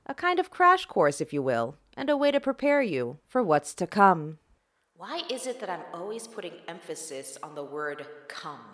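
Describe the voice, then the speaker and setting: A woman hosting a podcast in a playful, teasing and suggestive chat, often laughing. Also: on the low side. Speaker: podcast host.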